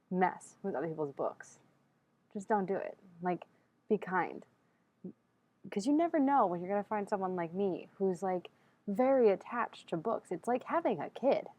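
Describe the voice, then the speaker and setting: A young woman rambles to her camera in a library, chatty and exasperated. Her voice sits fairly low, and the sound is dull and lo-fi. She acts out quoted exchanges with others. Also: a little mellow. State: sleepy at first, speaking quietly in public. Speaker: vlogger. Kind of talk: casual rambling vlog. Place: empty library vestibule, indoors.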